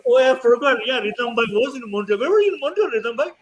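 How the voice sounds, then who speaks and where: A man's voice: very high-pitched, expressive, fast talker, rough recording. A male host on a video call, chatting casually and filling his talk with "you know" and "like". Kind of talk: casual livestream chat.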